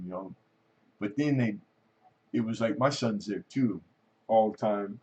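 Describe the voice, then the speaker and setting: Man, middle-aged, low voice, casual chat host, rambling storyteller, acts out quotes. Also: normal speed, darkish tone.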